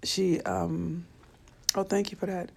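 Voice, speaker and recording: A tired woman, chatting softly and a bit weepily to viewers on a live stream from her bed at home. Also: on the low side, flat delivery, slow, gravelly. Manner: soft and tired, weepy, talks to viewers by name. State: tired and low on energy. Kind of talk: casual live-stream chat. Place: bedroom at home.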